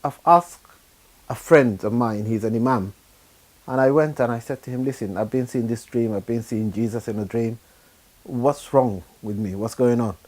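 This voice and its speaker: A middle-aged man from Sudan, giving a personal testimony in a halting, unhurried way with frequent pauses and fillers. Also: mid-range voice, a little mellow. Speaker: churchgoer giving his testimony.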